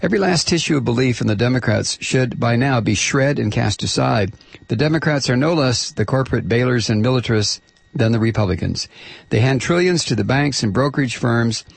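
A male talk radio host with a husky voice, heard close and dry on a studio microphone. He halts and fills gaps with "uh" when talking to callers, then reads a written essay in a steady, pointed way. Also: mid-range voice, no echo. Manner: halting with many fillers in chat, steady and pointed when reading. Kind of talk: call-in talk radio, reading an essay aloud.

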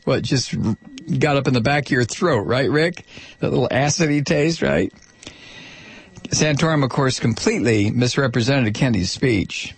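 A man with a mid-range, gravelly voice and a breathy edge talks at a moderate pace in an animated way. He hosts a political talk radio show from a studio microphone, delivering a sardonic, mocking monologue and laughing at his targets.

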